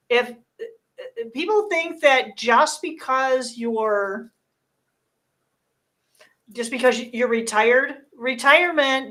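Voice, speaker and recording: A woman's voice: on the high side, sharp tone. A woman hosting a live show, giving a casual spiritual card reading in an earnest, reassuring way, often restarting her sentences.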